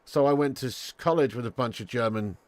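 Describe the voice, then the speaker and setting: A man's voice: mid-range voice, brisk. A man hosting a live football watch-along, casual and chatty, swearing freely and calling viewers lad as he reads the chat. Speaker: streamer and watch-along host.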